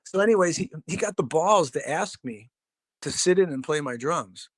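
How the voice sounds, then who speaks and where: A middle-aged man with a somewhat high voice recounts old stories in a loose, rambling way, swearing freely and padding his sentences with fillers. The sound is dry and close, with no room around it. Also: expressive, moderate pace, dry recording. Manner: rambling, profane, laid-back storyteller with many fillers. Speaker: podcast guest, drummer. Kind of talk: casual storytelling.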